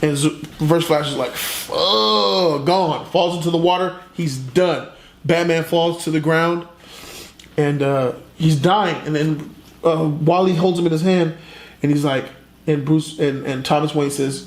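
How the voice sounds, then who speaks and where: A man retelling a comic plot in a casual, animated, profane way, as a reviewer. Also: on the high side, unhurried. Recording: roomy echo.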